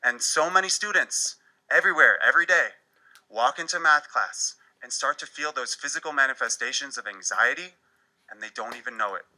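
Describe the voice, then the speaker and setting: Bright-voiced animated male speaker. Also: medium pitch, fairly quick, rough recording. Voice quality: animated, wry storytelling. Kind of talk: presentation talk.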